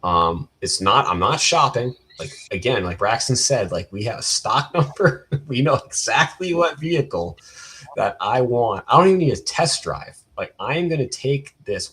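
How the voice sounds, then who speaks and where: A man's voice: mid-range voice, lively intonation, moderate pace, a bit bright, slightly rough. A young adult man co-hosting a podcast, telling a story in casual chat with laughs and quoted dialogue. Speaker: podcast co-host.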